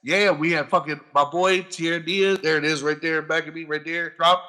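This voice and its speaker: Male podcast guest, bright and fairly high voice, animated storyteller who swears freely. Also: moderate pace. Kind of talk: casual profane storytelling.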